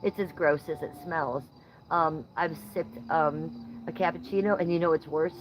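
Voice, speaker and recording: Lowish voiced woman on a late night stream outside, swearing and teasing chat, crickets going loud behind. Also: steady tone, normal speed, noisy background. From Ohio, US. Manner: blunt and profane, playful teasing. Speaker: livestream host. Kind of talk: casual livestream chat reading comments.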